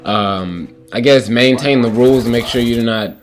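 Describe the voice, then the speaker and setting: Young man, casual storytelling, lots of fillers, mid-pitched, faint guitar behind. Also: normal speed. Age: young adult. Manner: loose and rambling, lots of fillers and restarts. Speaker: gaming commentator. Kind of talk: casual storytelling over gameplay. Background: faint guitar playing.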